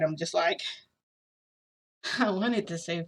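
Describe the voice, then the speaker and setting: A woman with a somewhat low voice tells a personal story to her viewers. She talks casually and loosely, filling her sentences with "like" and "you know". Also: slow, long pauses. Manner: rambling, full of "like" and "you know". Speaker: vlogger.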